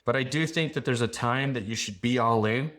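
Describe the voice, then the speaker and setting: A man speaking as a podcast guest in an assured, advice-giving way, his voice sitting at an ordinary middle pitch. He drifts through his points casually, with plenty of "like" and "you know" fillers. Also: a little fast, fairly bright tone. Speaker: business founder and guest.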